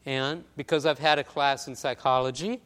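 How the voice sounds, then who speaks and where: A man's voice: medium pitch, fairly even intonation, normal speed, fairly bright tone, clean tone. A man preaching a conversational storytelling sermon as a pastor, acting out little scenes with voiced quotes. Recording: long hall reverb.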